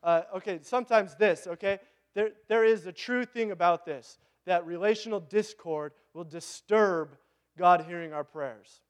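Conversational pastor with a higher voice. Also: male voice, measured pace, smooth. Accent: Pacific Northwest American. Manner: conversational, asks the congregation questions. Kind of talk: sermon.

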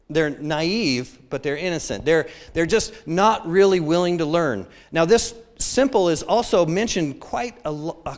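Man in his fifties, sermon, animated storyteller, acts out quotes, self-mocking humor, slightly high voice. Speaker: preacher.

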